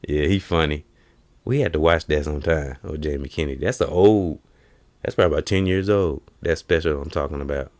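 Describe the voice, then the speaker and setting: A man with a low, deep voice hosts a relaxed chat. He retells comedy routines and keeps jumping into high put-on voices for the punchlines. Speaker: host. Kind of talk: casual chat.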